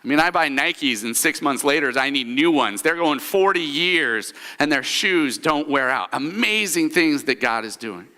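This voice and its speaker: A man's voice: a little high, expressive, normal speed, hardly any pauses, sharp tone. A man preaching a sermon as pastor, telling the story with humor and leading the congregation through a spoken recap. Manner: storytelling, leads congregation in call-and-response recaps. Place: church sanctuary. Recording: church hall reverb.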